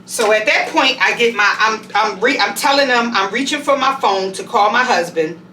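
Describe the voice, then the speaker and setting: A woman vlogger telling a story in an animated, conversational way at home. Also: a little high, moderate pace, echoey room, far from the mic, slight background noise, low-quality recording. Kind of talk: storytime vlog. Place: home bathroom.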